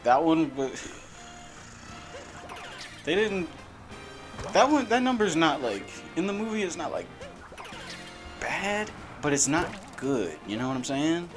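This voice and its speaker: Casual male gameplay commentator, mid pitch, rambly and giggly, loud game music underneath. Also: very animated, slow pace, pauses often. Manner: rambling, laughing, repeats words. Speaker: gaming channel host.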